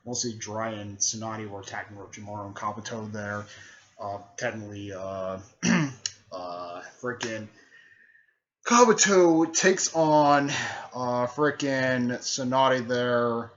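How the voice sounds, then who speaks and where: A man giving a casual, rambling recap full of filler words, often clearing his throat. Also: on the low side, slow pace, fairly bright tone. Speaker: host recapping a fan series. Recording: dull lo-fi recording.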